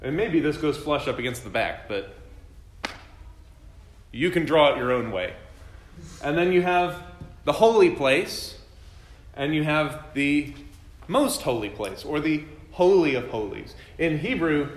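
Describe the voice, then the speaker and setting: A man with a slightly high voice teaches a Bible lesson to a group in a classroom, animated but a little slow and pausing often. He is chatty, quizzes his students, and cracks self-deprecating jokes. The room sounds echoey.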